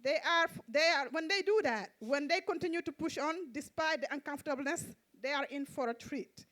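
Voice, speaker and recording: A woman with a Mauritanian accent, a native Fulani speaker, reciting a spoken-word poem in a measured, rhythmic way on an outdoor festival stage. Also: high-pitched, fairly bright tone. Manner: measured, repetitive rhythmic delivery. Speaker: poet and event host.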